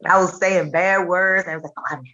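A woman with a low voice that still rings bright and forceful talks casually as a podcast guest. She tells stories with animation and acts out quoted lines. The audio is a bit dull and lo-fi. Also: steady tone, quick pace. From Nashville. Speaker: comedian and teacher, podcast guest. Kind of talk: casual interview chat.

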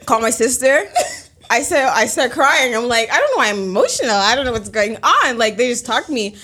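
Woman, podcast co-host, somewhat high voice. Chatty, emphatic storyteller who jumps from excited bursts to low, muttered remarks. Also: fairly quick, slightly rough. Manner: animated, emphatic, with frequent fillers; swings between excited highs and low, quiet asides. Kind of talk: casual storytelling chat.

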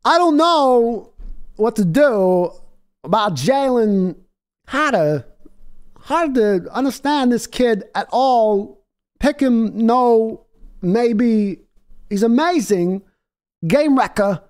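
A man putting on the voice of a hesitant male team executive who speaks in halting, oddly paused phrases. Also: very high voice, animated, darkish tone, clean tone, pitched above the performer's own voice, full character voice. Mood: puzzled musing.

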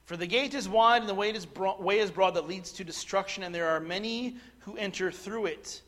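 A middle-aged male pastor with a notably high voice delivers a sermon. He speaks earnestly, often stumbling and restarting his phrases, then builds to forceful, emphatic points. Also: a little fast.

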